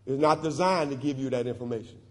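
The recording captures a pastor's sermon in a church sanctuary, with long reverb from the hall. He speaks fast in a mid-range voice and repeats lines back in call-and-response fashion.

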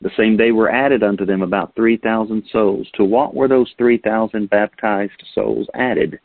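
A man preaches in a low voice, posing question after question to his listeners and reading scripture aloud. The sound is thin and tinny like a phone line, with a dry, close feel. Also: fairly even intonation, moderate pace, creaky, no echo. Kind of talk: sermon.

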